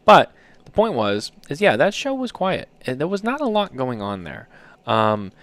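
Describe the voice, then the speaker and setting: A man's voice: medium pitch, wildly swooping pitch, moderate pace, fairly bright tone, no room sound. A man in his thirties co-hosting a podcast, telling stories in a loose, rambling way with lots of fillers. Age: 30s. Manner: rambling storyteller, many fillers. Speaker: podcast co-host. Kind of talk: casual chat.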